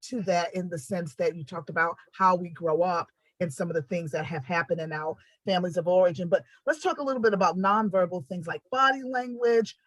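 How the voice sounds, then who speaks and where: A woman's voice: fairly low pitch, brisk, hardly any pauses, no echo, poor audio. A woman hosting a talk show interview, asking questions and affirming her guest often. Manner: warm affirming interjections, frequent restarts. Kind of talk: conversational interview.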